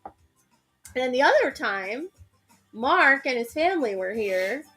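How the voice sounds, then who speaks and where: A woman co-hosting a casual chat, telling an animated story and laughing often. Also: sits high, unhurried, breathy edge, soft background music. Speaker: co-host.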